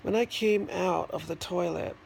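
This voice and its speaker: A man in a casual vlog, telling a childhood story in a halting, rambling way, with many restarts and fillers. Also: sits high, creaky, slight background noise. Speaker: vlogger.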